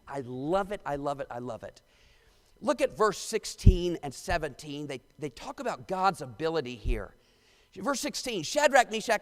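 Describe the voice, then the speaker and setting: Animated preacher in an echoey church. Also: male voice, a little high. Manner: animated, dramatic scripture reading. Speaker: pastor. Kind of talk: sermon. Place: church sanctuary. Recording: long church reverb.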